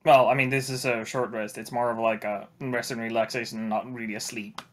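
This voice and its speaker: A man running a tabletop game as game master, narrating in a halting way with many restarts. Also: mid-range voice, flat delivery, fairly bright tone. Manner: halting, full of fillers and restarts.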